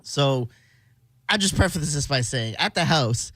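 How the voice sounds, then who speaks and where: Radio host guy, mid pitch, chuckles thru his stories, dry studio mic. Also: lively intonation, a little slow, a bit bright, no room sound. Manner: rambling storyteller, laughs through his stories. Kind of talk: casual on-air chat.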